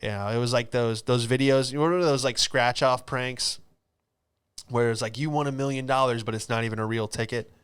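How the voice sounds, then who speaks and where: A man's voice: medium pitch, steady tone, a little fast, clear, resonant tone. A young man hosting a casual podcast, rambling through stories with loose slang. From Florida. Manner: laid-back, rambling storytelling with slang. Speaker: podcast host. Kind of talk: casual solo podcast chat.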